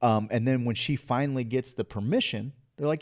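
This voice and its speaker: A man co-hosts a casual podcast, his mid-range voice moving a little fast. He rants with passion and emphasis, often restarting sentences as he drives his points home.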